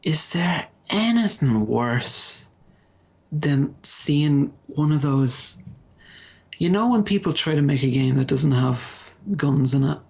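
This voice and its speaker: A man trades sarcastic jokes on a podcast in slow, drawn-out phrases. His delivery is deadpan and mock-earnest, with theatrical sighs. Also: a little high, vocal fry, slightly rough. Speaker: podcast co-host. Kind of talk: sarcastic comedic chat.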